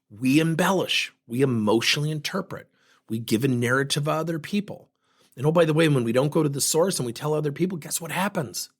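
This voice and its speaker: Husky, animated male speaker. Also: a little high, a little fast. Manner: animated, acts out both sides of dialogues. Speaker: host. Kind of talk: storytelling talk on communication.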